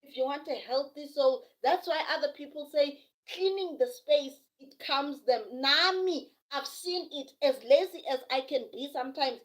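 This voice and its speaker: A woman's voice: high-pitched, moderate pace, hardly any pauses, poor audio. A South African woman talking with passion in a casual podcast chat, emphatic and preachy, sometimes slipping into Zulu phrases. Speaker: podcast co-host.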